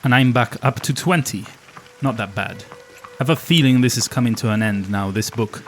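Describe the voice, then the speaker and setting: Relaxed man co-hosting a gamebook podcast. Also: medium pitch, moderate pace, slight background noise. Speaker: podcast co-host. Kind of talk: casual chat and reading gamebook text.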